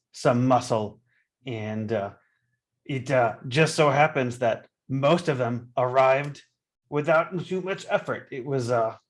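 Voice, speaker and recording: Dude doing a grinning dragonborn guy, smooth and polite. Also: mid-range voice.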